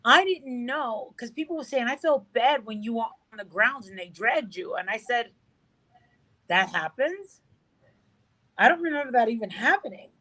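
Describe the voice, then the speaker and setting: A middle-aged woman with a slightly high voice, chatting as a guest. She talks loosely and bluntly, swears freely and acts out every line of dialogue in her stories. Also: lively intonation, moderate pace, sharp tone, poor audio. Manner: swears freely, tells stories with reported speech. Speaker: interview guest. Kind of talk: casual chat.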